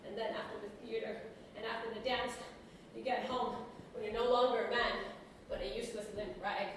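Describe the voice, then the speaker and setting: A harried middle-aged husband played by a woman with a high voice rants and moans about his miserable life in a stage comedy. The delivery is theatrical and swings between loud and soft. It is heard from far off on an echoey stage with faint noise. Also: level tone, a little fast, close to an everyday voice. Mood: weary complaining.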